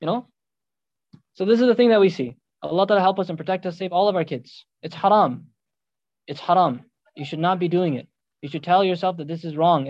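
A man preaching a sermon, animated and emphatic, telling a dramatic story. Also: high-pitched, dry recording, muffled recording.

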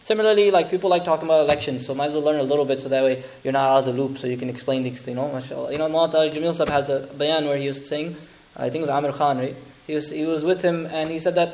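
A man giving an animated, conversational sermon. He often mixes Arabic terms into his talk. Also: a little high, very fast. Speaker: Islamic teacher. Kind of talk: sermon, storytelling commentary.

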